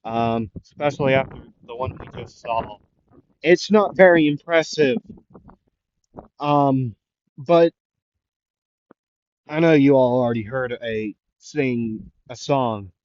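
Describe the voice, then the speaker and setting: A man voicing a shy, nervous teenage boy who speaks haltingly, with many fillers. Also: medium pitch, darkish tone, dull audio, natural voice.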